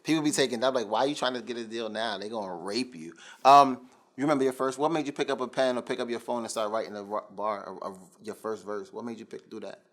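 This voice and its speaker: A man interviewing a rapper, in laid-back slang with quick laughs. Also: medium pitch, fairly bright tone. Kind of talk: casual interview chat.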